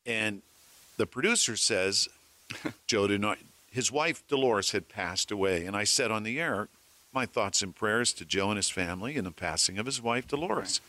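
A middle-aged man, a former weatherman and radio host, telling animated anecdotes among colleagues. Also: fairly low pitch, moderate pace. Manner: animated anecdote-telling, acting out phone calls. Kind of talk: casual storytelling among colleagues.

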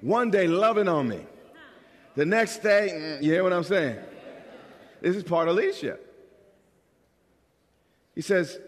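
Male pastor, fairly high voice, animated sermon delivery with call-and-response, long hall reverb. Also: unhurried, long pauses. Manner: preaching with call-and-response questions to the congregation; animated, acts out quoted voices.

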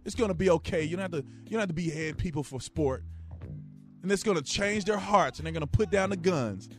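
A talk host voicing a naive, soft-hearted man who coos sweetly at cartel members in a mocking put-on. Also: fairly high pitch, fairly quick, soft background music, lightly acted. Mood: mocking, cooing.

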